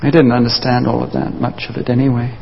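A man's voice: medium pitch, flat delivery, fast, vocal fry. A man preaching a sermon, telling the story vividly and briefly acting out the voices of the people in it. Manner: storytelling, acts out voices of disciples. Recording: dull sound, long hall reverb.

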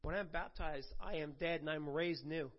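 A middle-aged man preaching a sermon to his congregation, swinging from quiet asides to loud emphatic bursts and joking with the room. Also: on the high side, normal speed, muffled recording. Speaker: pastor.

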